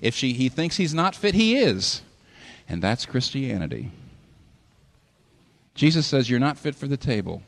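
Man preaching with a lively, swooping voice. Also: medium pitch, measured pace, creaky, long pauses. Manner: animated preaching, voice rising and falling sharply for emphasis. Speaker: pastor. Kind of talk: sermon.

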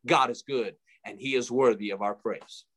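A man's voice: medium pitch, moderate pace, a bit bright, slightly rough. A man giving a fervent preaching testimony as a guest, emphatic and repetitive, with frequent fillers.

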